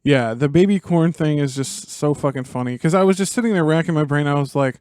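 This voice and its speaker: A man, a podcast host and writer, in casual chat, animated, swearing and laughing a lot. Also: on the high side, a little fast, few pauses, clean tone, dry recording, clean studio sound.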